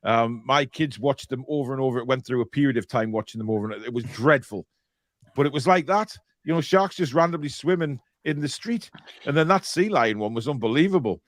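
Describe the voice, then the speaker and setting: A man's voice: medium pitch, expressive, fairly quick, no echo, studio quality. A middle-aged man co-hosting a casual live stream, reading out viewer comments in a jokey, rambling way with many restarts.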